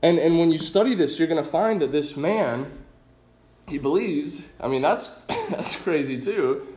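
A man's voice: fairly high pitch, expressive, unhurried, darkish tone, reverberant. A man preaching a sermon as pastor in a conversational, emphatic way, often restarting his phrases.

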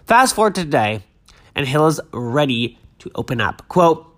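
A man's voice: a little high, very animated, normal speed, a bit bright. A young man hosting a podcast, chatting casually and reading news aloud in a gushing, dramatic way, a little stuffy-nosed. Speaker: podcast host.

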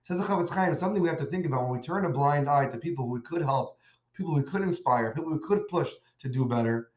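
A man's voice: on the high side, quick pace, a little mellow. A man teaching a religious lesson, telling stories and asking emphatic rhetorical questions, in an echoey, dull recording. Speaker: Torah teacher. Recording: echoey room, dull lo-fi sound.

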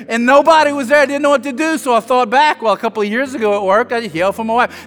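Pastor from south louisiana, very high voice, funny self-mocking storyteller, long hall echo with soft music under it. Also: male voice, rapid-fire, hardly any pauses. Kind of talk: sermon.

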